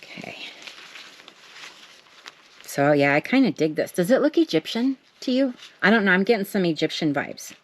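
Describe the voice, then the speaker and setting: A woman's voice: on the low side, sing-song, moderate pace, long pauses. A middle-aged woman, chatting casually and joking at her own expense as she makes art. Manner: chatty, self-deprecating, talks to herself while working. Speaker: craft vlogger. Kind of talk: casual chat while making art.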